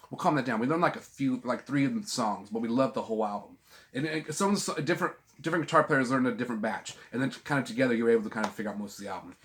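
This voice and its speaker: A middle-aged man talks about records at home in a loose, rambling way. He swears freely and keeps breaking off and restarting his sentences. The sound comes from a camera mic on a tripod. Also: mid-range voice. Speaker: vinyl channel host. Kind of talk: casual chat about albums. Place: at home with a dog.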